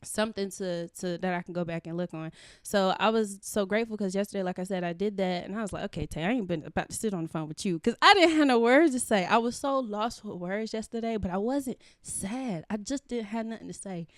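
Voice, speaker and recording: A woman's voice: medium pitch, fairly quick, no room sound, clean studio sound. A woman co-hosting a podcast, talking candidly and earnestly about her personal life, full of filler phrases. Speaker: podcast co-host.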